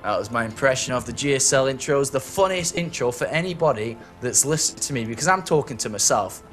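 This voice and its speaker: A man's voice: medium pitch, expressive, fast, fairly bright tone, faint music behind. A man casting a video game match, playful and chatty, poking fun at himself. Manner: playful, self-mocking, chatty. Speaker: esports caster. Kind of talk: casual game commentary.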